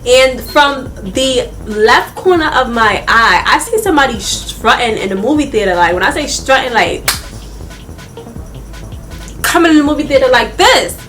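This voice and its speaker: A young woman telling a storytime on her vlog, animated and slangy, often breaking into laughs. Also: sits high, normal speed, soft background music. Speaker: vlogger. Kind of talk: casual storytime.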